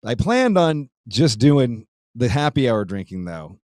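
A man's voice: mid-range voice, very animated, a little slow, darkish tone, no room sound, clean studio sound. A man hosting his podcast, chatting casually and reading a listener's letter, loose and profane, laughing easily with frequent restarts. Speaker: podcast host.

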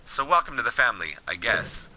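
Polite reassuring male fighter, read plainly by a gamer; bright, no accent. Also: fairly low pitch, very animated, fairly quick, voice pushed down, full character voice, rough recording. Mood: calm.

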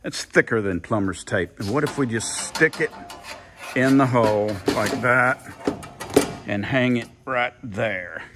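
A man's voice: medium pitch, unhurried, noisy background. An older man thinking aloud in a casual workshop vlog, rambling and repeating himself as he works. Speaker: car builder, channel host.

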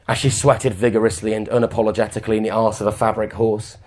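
A man narrating a comic poem live on stage, in a theatrical storytelling style with drawn-out repetitions. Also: on the low side, flat delivery. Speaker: comedian and performance poet. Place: live show venue.

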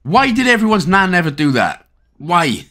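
A man's voice: high voice, sing-song, normal speed, bright, forceful tone. A Welsh man giving a chatty, casual game walkthrough, full of rambling asides and jokes. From Wales. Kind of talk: casual gameplay commentary.

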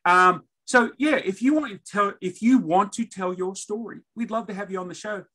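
A man's voice: sits high, moderate pace, pushed and bright. A man with an Australian accent hosting an interview show, joking and rambling off on tangents before asking his question. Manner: jokey, rambling, self-interrupting. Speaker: podcast host. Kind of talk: casual interview intro.

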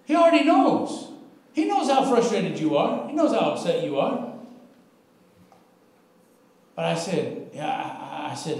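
Male pastor, high tenor voice, candid storytelling sermon, very reverberant church room. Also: sing-song, unhurried, long pauses, a little mellow. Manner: candid storytelling, chuckles often, calls listeners "man". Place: church sanctuary.

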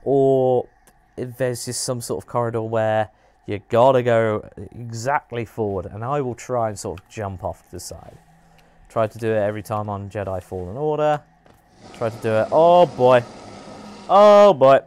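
A man hosting a live game stream, chatting and reacting with animated, laugh-prone commentary. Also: lowish voice, normal speed. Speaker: streamer host.

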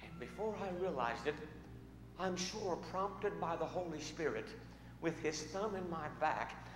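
A male pastor telling a story in a sermon, dramatic and swinging between hushed and loud, recorded in a church sanctuary. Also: fairly high pitch, animated, unhurried. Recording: echoey church hall with faint noise.

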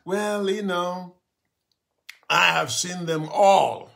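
Preacher doing a self-pitying church lady, high and whiny, slow and halting. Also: steady tone, gravelly, a bit bright, exaggerated voice. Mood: whining. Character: weary complaining churchgoer woman.

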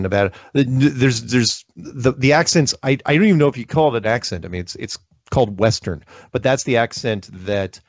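A man's voice: fairly low pitch, no echo, dull audio. A man hosting a call-in show, joking and rambling, laughing often. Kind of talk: casual call-in chat.

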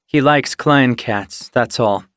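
A man's voice: mid-range voice, takes it slowly, a bit bright, smooth, no room sound, studio quality. A man voicing a wary, guarded young warrior tomcat in an audiobook. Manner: guarded, tense.

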